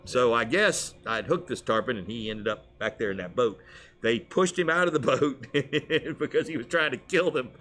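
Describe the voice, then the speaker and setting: A man co-hosting a casual fishing show, telling stories with lively put-on voices and frequent laughs. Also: mid-range voice, moderate pace. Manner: animated storyteller, laughs often.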